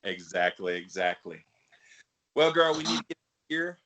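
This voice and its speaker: A man's voice: low voice, big pitch swings, normal speed, a bit bright. A man with a polished South Carolina Southern accent, co-hosting a casual podcast in a friendly, chatty way with plenty of fillers. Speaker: podcast co-host.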